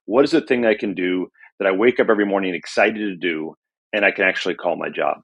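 A man's voice: sits low, fast, husky, dull audio. A middle-aged man being interviewed as an author, reflective and storytelling, with frequent fillers. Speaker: author and journalist guest. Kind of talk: conversational interview.

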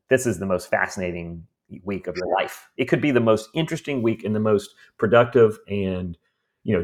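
Guy with a low gravelly voice telling stories about clearing out old houses, does little voices for people. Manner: animated storyteller, acts out voices. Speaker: estate cleanout business owner. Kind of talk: storytelling in a conversation.

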